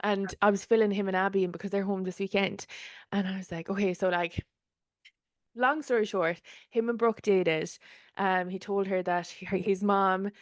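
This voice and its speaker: A woman's voice: mid-range voice, steady tone, normal speed, no room sound. A woman co-hosting a casual pop culture podcast. She tells stories in a chatty, rambling way and laughs often. Her voice sits mid-range, recorded close and dry with no room sound. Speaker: podcast co-host. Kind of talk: casual chat.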